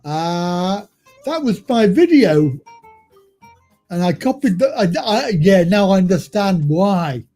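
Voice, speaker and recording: A man's voice: high voice, sing-song, takes it slowly, warm tone, soft background music. A man hosting a live stream, chatty, self-mocking and easily exasperated. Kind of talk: casual live-stream chat. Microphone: video call stream mic.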